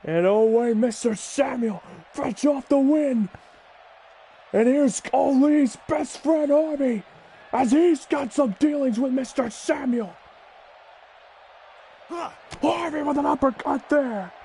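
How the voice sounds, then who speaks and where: A man calling a wrestling video game match play-by-play, excitable and often shouting. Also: very high-pitched, slow, long pauses, slight background noise. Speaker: gaming channel host.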